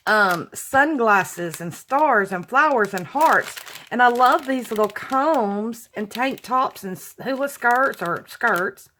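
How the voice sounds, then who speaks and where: A woman's voice: a little high, lively intonation, slow, sharp tone, slight background noise. A woman chatting casually as she unboxes craft mail, gushing and exclaiming over each item. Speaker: craft vlogger opening mail.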